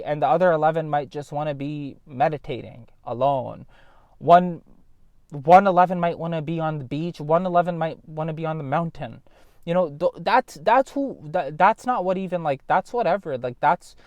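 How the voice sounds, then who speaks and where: A man's voice: on the high side, a little mellow, dry recording. Blunt, swearing man talking to camera. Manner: blunt, profane, rambling, addresses viewers directly. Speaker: vlogger. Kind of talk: casual vlog monologue.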